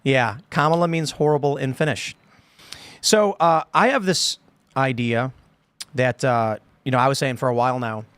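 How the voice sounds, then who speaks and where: A man's voice: medium pitch, normal speed, a bit bright, clean tone, no echo. A man in his thirties hosting a casual political talk show, rambling through stories and acting out quotes in put-on voices. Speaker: podcast host.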